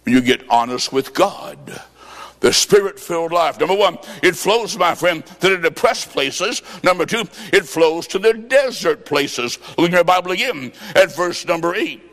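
A man preaching a sermon in an emphatic, folksy way, with sudden shouted bursts and dry humor. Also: sits high, lively intonation, moderate pace.

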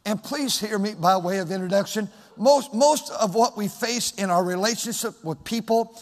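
Pastor preaching in a reverberant church. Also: male voice, high-pitched, moderate pace. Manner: swings from loud shouted emphasis to hushed, soft speech. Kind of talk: sermon. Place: large church sanctuary. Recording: long hall reverb.

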